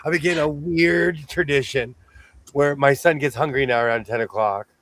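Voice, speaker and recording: A man's voice: mid-range voice, moderate pace, a bit bright, poor audio. A man hosting a casual chat, talking in an easygoing way with lots of restarts and self-corrections. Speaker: host.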